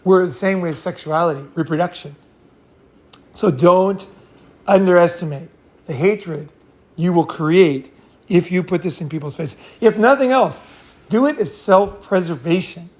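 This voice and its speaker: A man's voice: high-pitched, unhurried, a little mellow. A man hosting a casual talk, telling rambling stories with frequent laughs and swearing. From California. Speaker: host. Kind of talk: casual storytelling and advice.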